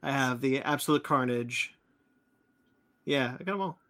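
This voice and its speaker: A man's voice: mid-range voice, moderate pace, fairly bright tone. A man hosting a casual pop-culture chat, reading out news items in a loose, chatty way. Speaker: podcast host reading news.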